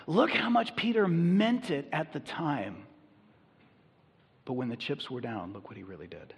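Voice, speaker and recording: A man delivers a conversational, emphatic sermon from the pulpit. His voice sits a little high and sounds husky, rising and falling widely as he preaches. The sound rings with the long reverb of a church hall. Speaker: pastor.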